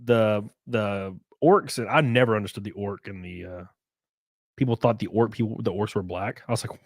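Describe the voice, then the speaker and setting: A man's voice: on the low side, normal speed, no echo. A man with a Southern US accent chatting casually on a live stream, reading chat aloud, swearing freely and laughing often.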